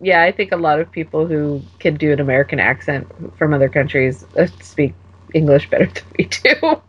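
A woman's voice: low voice, animated, a little fast, husky. A woman co-hosting a fan podcast in casual chat, enthusiastic and laughing often as she gushes about a show. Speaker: podcast co-host. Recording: muffled lo-fi audio.

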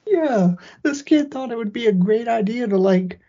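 A woman's voice: a little high, lively intonation, normal speed, mellow, husky. A woman co-hosting a podcast, chatting casually about a movie with dry, short reactions. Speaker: podcast co-host. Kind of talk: casual movie recap chat. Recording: muffled lo-fi audio.

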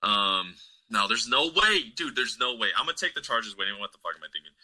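A man co-hosting a sports podcast, talking in a profane, excitable, rambling way. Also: on the low side, fast, poor audio. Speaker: podcast co-host. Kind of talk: casual sports chat.

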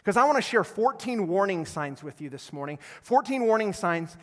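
A middle-aged male pastor preaching a sermon, energetic and call-and-response one moment, soft and earnest the next, recorded live in a large church hall. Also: sits high, moderate pace, few pauses.

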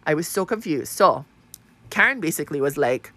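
Woman host, low-pitched, dry close mic, animated profane storytelling. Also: normal speed, dry recording. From Hawaii. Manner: animated, profane, acts out quoted voices. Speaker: podcast host. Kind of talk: casual storytelling monologue.

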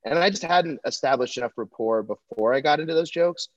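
A young man, a comedian, chatting casually in a rambling, profane, animated way. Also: on the high side, fairly quick, dry recording. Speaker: comedian and podcast co-host. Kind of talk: casual chat. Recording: dull lo-fi dry sound.

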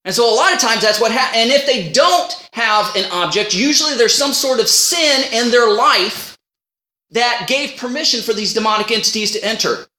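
Bright-voiced male minister preaching in echo. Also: very high voice, expressive, normal speed. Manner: storytelling, acting out his own past dialogue. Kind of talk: sermon. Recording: roomy echo.

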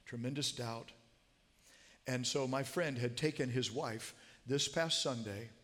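A man's voice: mid-range voice, fairly bright tone. A man telling a story in a sermon, earnest and growing emphatic as he quotes. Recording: long hall reverb.

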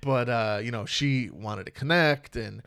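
A man's voice: medium pitch, a little slow, creaky, fairly bright tone, clean tone, dry recording. A man in his thirties from Michigan, co-hosting a casual podcast chat, telling stories in a cynical, swearing way. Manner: cynical, swears a lot, storytelling. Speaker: podcast co-host.

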